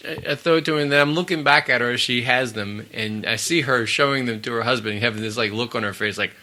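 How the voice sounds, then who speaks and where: A man co-hosting a podcast talks fast in a medium-pitched voice that sounds pushed and bright. In casual chat, he tells a rambling story and laughs often.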